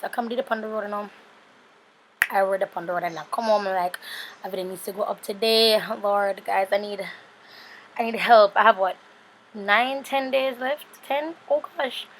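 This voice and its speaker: A woman's voice: mid-range voice, a bit bright, slight background noise. Chatty Jamaican woman, tired voice-over. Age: 30s. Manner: chatty and rambling, many asides to viewers. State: tired and sleepy. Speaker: beauty vlogger. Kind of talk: casual voice-over narration of a makeup tutorial.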